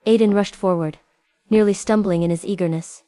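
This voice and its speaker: A woman narrating a first-person story in a steady, even manner. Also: medium pitch, fairly quick, low-quality recording.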